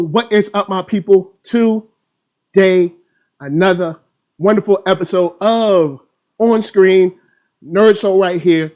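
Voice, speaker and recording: A man's voice: sits high, a little mellow, highs cut off. A man hosting a live stream trailer reaction chat, talking in a hype, playful, slang-filled way. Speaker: host.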